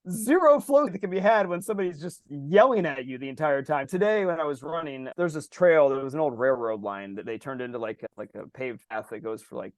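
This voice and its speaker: A man's voice: fairly high pitch, brisk, few pauses, dry recording, studio quality. A man co-hosting a podcast, chatting casually, telling long rambling stories with swearing and acted-out quotes. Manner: rambling, profane, animated storytelling with acted-out quotes. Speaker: podcast co-host. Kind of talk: casual chat.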